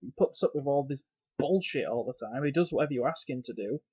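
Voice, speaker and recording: A man's voice: animated, fast, slightly rough, dry recording. Exasperated man ranting on a dry mic. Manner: exasperated, sighing, profane; loud and emphatic at first, then grumbling and lower. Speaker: wrestling reviewer. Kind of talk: ranting video review.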